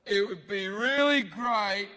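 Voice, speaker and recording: Profane Australian comedian on a stage. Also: male voice, sits high, slow. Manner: profane, acts out characters with shouting. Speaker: stand-up comedian. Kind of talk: stand-up comedy set. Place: large theater stage with a live audience. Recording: live hall recording with audience.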